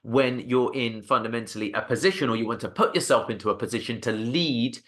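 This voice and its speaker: A man's voice: mid-range voice, brisk, a bit bright. Emphatic man giving a motivational talk. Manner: emphatic, repeats for stress, frequent "okay?". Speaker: agency founder.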